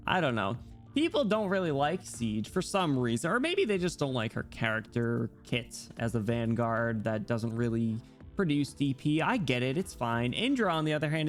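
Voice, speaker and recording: Rambling streamer man over soft music. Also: on the high side. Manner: rambling, self-interrupting, laughs often. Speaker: stream host. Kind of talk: casual livestream chat.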